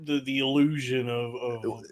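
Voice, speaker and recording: A man's voice: mid-range voice, steady tone, unhurried. A man co-hosting a podcast, explaining at length in casual chat. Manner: long-winded, explaining. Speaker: podcast co-host.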